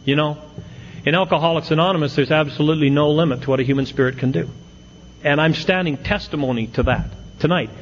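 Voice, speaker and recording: A man's voice: on the high side, fast talker, dull audio, a little hiss or hum. A middle-aged man giving a humorous recovery talk, telling stories and acting out the quotes. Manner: storytelling with punchlines, acts out quotes. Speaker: AA speaker.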